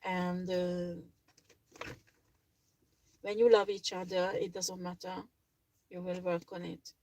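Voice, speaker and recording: Gravelly-voiced woman reading tarot cards. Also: fairly low pitch, flat delivery, takes it slowly, a little mellow, no echo, rough recording. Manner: chatty, blunt, swears freely, many fillers. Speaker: tarot reader.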